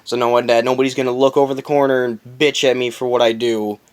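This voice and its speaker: A man's voice: medium pitch, level tone, fast talker, clean tone. A man rambling through a casual storytime vlog, bluntly retelling a work story and swearing now and then. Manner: rambling, repeats himself, talks in run-on quotes. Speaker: vlogger.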